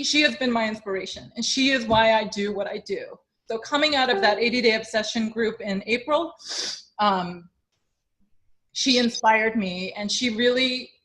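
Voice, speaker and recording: A woman's voice: fairly high pitch, fairly bright tone. A young woman who coaches fitness, telling her story in a chatty interview with lots of fillers and growing emotion. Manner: chatty, many fillers, grows emotional and tearful.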